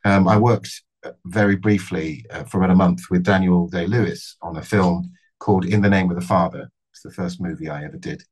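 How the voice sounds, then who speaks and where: A middle-aged man, an actor, answering interview questions thoughtfully, with measured phrasing and frequent restarts. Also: sits low, a little mellow, husky, poor audio.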